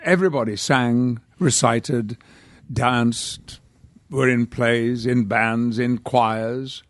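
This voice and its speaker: An older man from the north of England, a podcast guest telling anecdotes in a relaxed, rambling way with hesitations. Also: medium pitch, slow pace, dry recording. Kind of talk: casual interview storytelling.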